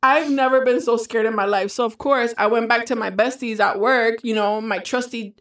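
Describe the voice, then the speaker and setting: A woman in her thirties, telling a story in casual chat, animated and swearing freely. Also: a little high, moderate pace.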